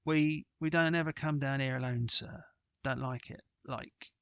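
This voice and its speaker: A man's voice: medium pitch, steady tone, measured pace, gravelly, a bit bright, no room sound, dull audio. A man voicing a ragged working-class boy caddie who speaks in a deferential, uneasy way. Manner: deferential, uneasy, dialect speech.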